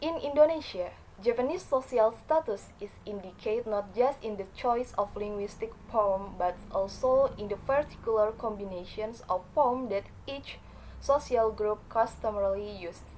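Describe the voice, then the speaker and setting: A woman's voice: medium pitch, moderate pace, darkish tone, a little hiss or hum, poor audio. A woman reading a class presentation from notes, with frequent fillers and small slips.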